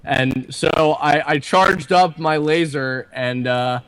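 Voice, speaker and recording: A man telling an improvised comedy story, halting and rambling as he goes. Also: on the high side, fairly bright tone, smooth. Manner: rambling, halting with fillers and restarts.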